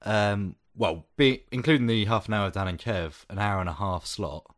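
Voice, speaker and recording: A man's voice: fairly low pitch, moderate pace, dry recording, clean studio sound. A man hosting a podcast, chatting playfully and laughing often, then reading his film review. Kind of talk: casual chat and scripted film review.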